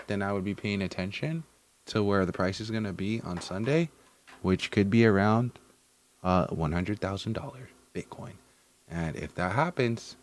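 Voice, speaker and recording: A man giving casual, animated crypto market commentary to his viewers, swinging between loud and soft. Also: deep voice. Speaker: crypto YouTuber.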